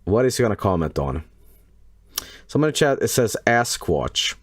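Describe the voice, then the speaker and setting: A male streamer reacting to videos live. He jokes, laughs loudly and breaks into exclamations. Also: lowish voice, sing-song, a little fast, breathy edge, no echo. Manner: loud laughing outbursts, joking and exclaiming.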